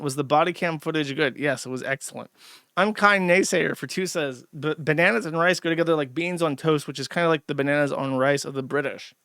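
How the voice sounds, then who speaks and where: A man with a slightly high, gravelly voice reads donation messages on a livestream and answers them bluntly and with heavy profanity. His tone is sardonic and casual. The sound is dry and close, with no room echo. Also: fairly bright tone. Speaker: streamer reading viewer donations.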